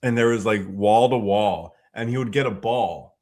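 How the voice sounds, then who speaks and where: A man's voice: lowish voice, a little mellow. Chuckling man telling stories. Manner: rambling storyteller, quick and chuckling. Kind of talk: casual chat on a livestream.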